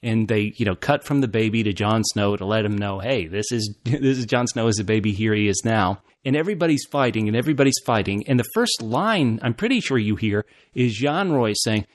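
A man co-hosting a casual fan discussion show, animated and laughing often, restarting his phrases as he talks. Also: lowish voice, brisk, hardly any pauses, no echo, studio quality. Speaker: podcast co-host.

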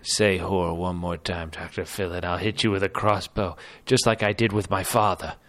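A man doing a crude, bitter little nobleman with a put-on posh English accent and a lower voice. He speaks in a theatrical, pompous way in a comedy sketch. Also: flat delivery, normal speed, fairly bright tone.

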